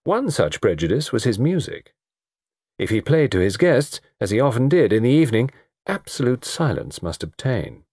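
A man narrating a story in an expressive reading. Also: mid-range voice, normal speed, breathy edge, no echo, clean studio sound. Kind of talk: audiobook narration.

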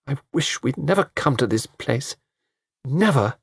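A man's voice: mid-range voice, animated, a little slow, vocal fry, breathy edge, dry recording, studio quality, voice pushed up, full character voice. A man voicing an anxious, indignant older mother who dotes on her son. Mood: distressed. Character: fretful, doting older English mother.

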